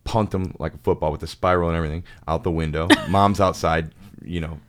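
A man's voice: sits low, steady tone, brisk. A young man hosting a podcast, telling rambling jokey stories and acting out little voices. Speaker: podcast host. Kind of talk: casual chat.

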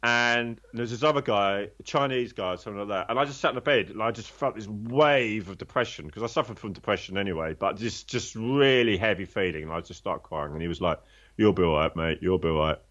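A man's voice: on the low side, a little fast, few pauses, a bit bright, lo-fi sound. A man telling his own story in a candid, conversational way, blunt and swearing freely, rambling with restarts.

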